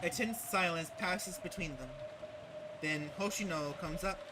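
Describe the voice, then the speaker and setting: A streamer narrating a visual novel aloud in a measured, deliberate way over background music. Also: medium pitch, noisy background.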